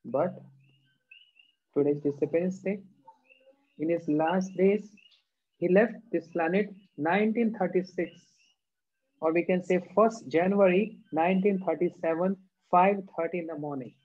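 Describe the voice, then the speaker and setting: High, husky-voiced man preaching. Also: a little mellow. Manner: measured, halting phrasing, chanting verses in a sing-song. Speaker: spiritual teacher giving a discourse. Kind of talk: devotional sermon. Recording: dull lo-fi recording.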